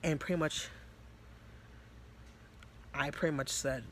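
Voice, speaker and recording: A man's voice: a little high, steady tone, slow pace, a bit bright, a little hiss or hum. A man telling a story in a casual, rambling way, full of fillers and swearing. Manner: rambling, filler-heavy and profane. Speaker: vlogger.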